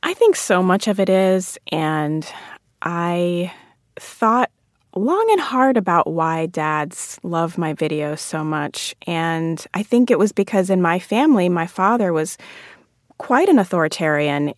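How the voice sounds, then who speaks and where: Woman comic as a radio guest, lively storyteller who slips into quoted voices; lowish voice, dry studio sound. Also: unhurried, no room sound. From United States, Jamaican immigrant family. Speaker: comedian and author, guest. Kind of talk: radio interview.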